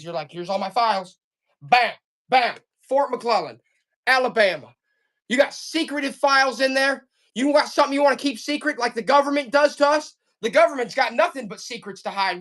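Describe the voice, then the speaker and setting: A woman selling items on a live stream auction in fast, joking, hyped-up sales patter, coughing now and then. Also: a little high, fairly bright tone. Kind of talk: casual live selling banter.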